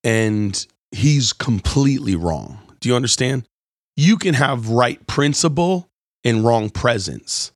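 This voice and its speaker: A man giving a conversational, storytelling sermon as host of his show, moving between quiet reflection and animated retelling. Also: medium pitch, slow, dry recording, studio quality. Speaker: pastor. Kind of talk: sermon-style talk.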